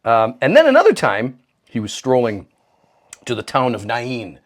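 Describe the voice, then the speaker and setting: A man co-hosting a comedy podcast, his pitch swinging widely as he spins irreverent, profane retellings. He keeps leaping into the voices of the people in his stories. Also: moderate pace. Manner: profane, animated, acts out quoted characters with big pitch jumps. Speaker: podcast co-host.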